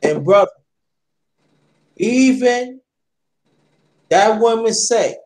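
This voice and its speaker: A man with a strikingly high voice hosts a loose, heartfelt conversation. He preaches straight at his listeners, circling back over his points again and again. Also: unhurried, a bit bright. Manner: preachy, repeats himself, addresses listeners directly. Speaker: host. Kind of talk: impassioned casual chat.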